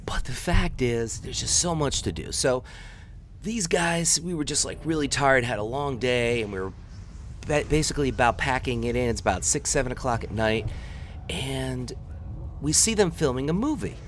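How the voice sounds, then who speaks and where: A man's voice: medium pitch, lively intonation, moderate pace, a little hiss or hum. A man in his thirties from the New York area, casually telling a story and talking viewers through his gameplay in a chatty, rambling, teasing way. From New York area, United States. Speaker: gameplay commentator.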